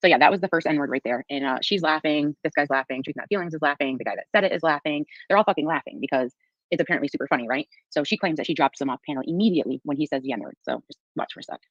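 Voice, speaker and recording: Rapid, dry-voiced stream co-host breaking down clips, dull recording. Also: mid-range voice, fairly bright tone, no room sound. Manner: sardonic, reacting to played clips and thanking viewers. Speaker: livestream co-host. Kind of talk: casual livestream commentary on clips.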